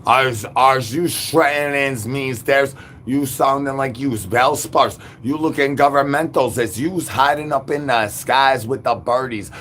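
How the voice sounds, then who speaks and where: A man's voice: mid-range voice, a little slow, few pauses, a bit bright, slight background noise. A man, rambling through an absurd monologue with sing-song rhyming babble and nonsense words. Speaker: livestream host.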